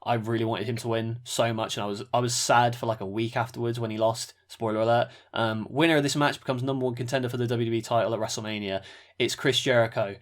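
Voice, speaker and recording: A man's voice: medium pitch, quick pace. A man co-hosting a podcast, chatting casually and rambling with fillers while reviewing a wrestling event. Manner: relaxed, rambling, with fillers and laughs. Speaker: podcast co-host.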